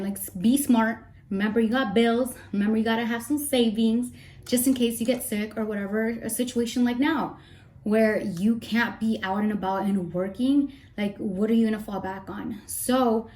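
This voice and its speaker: A woman's voice: a little high, fairly even intonation, normal speed, a little mellow. Young woman, out of breath, rambling casual chat, playful, home setting. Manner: chatty, rambling, playful asides. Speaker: makeup vlogger. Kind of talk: casual get-ready-with-me chat.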